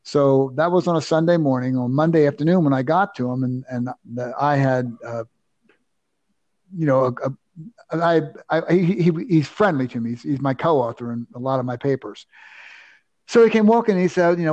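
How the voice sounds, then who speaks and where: A man's voice: medium pitch, a little fast, dry recording, muffled recording. Emphatic older man telling a story. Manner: animated, emphatic, self-assured. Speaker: guest. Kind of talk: anecdotal storytelling.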